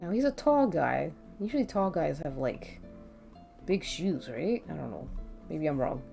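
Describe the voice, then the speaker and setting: Woman, live-stream chat, rambling and giggly, lively pitch, faint music behind. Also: a little slow, gravelly. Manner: rambling, giggly, swears casually, hums to herself. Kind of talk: casual live-stream chat while drawing. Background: faint background music.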